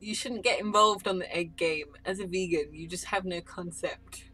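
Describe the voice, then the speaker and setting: A woman co-hosting a live drawing stream, chatting casually and teasing with playful deadpan jokes. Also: fairly low pitch, moderate pace, husky. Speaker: stream co-host.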